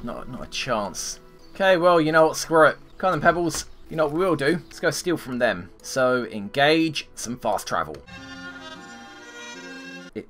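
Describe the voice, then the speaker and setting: Lively-voiced man muttering over a game. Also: medium pitch. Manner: mutters asides and talks back to game characters. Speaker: gaming streamer. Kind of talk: let's play commentary.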